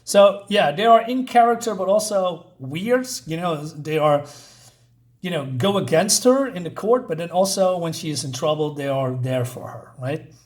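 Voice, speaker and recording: A man talks through a comic book in a casual, halting way, pausing often on fillers. His voice sits high for a man and moves around a lot as he retells the scenes. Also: lively intonation. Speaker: comic reviewer.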